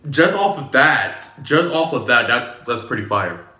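A man hosting a music reaction video, talking casually with excitable slang and repeated exclamations. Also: mid-range voice, unhurried. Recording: echoey room with music playing. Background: song playing in background.

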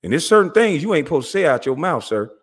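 A man's voice: fairly high pitch, big pitch swings, fast talker, husky. A man hosting his own channel, delivering a heated, confrontational monologue in street slang. He mocks listeners and repeats himself as he calls them out. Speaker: channel host.

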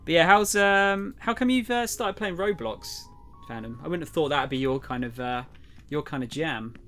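A man's voice: a little high, lively intonation, normal speed, faint music behind. A young man streaming a game live, chatting with viewers and muttering to himself through puzzles. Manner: chatty, greets viewers, drops to a quiet mutter while solving puzzles. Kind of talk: casual live-stream chat while gaming.

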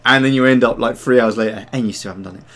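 A man's voice: mid-range voice, rapid-fire, a bit bright. Chatty man on a livestream. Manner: rambling, chatty, many fillers and restarts. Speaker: livestream host and digital sculptor. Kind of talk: casual livestream chat.

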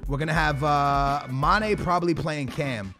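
A young man hosting a gaming video, talking through his match in slangy, rambling commentary and breaking into excited shouts on goals. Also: on the high side, a little slow, soft background music. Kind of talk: live gameplay commentary.

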